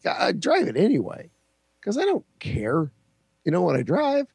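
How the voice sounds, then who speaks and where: A man's voice: sits high, wildly swooping pitch, moderate pace, vocal fry, darkish tone, husky, no room sound. A man in his forties, a podcast co-host, rambling through comic anecdotes with laughs between lines. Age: 40s. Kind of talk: casual comedic storytelling.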